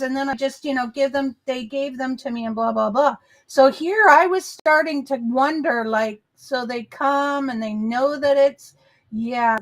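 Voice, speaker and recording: A woman hosting a casual reaction commentary, chatting loosely, swearing freely and answering viewer comments. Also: sits high. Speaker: commentary channel host.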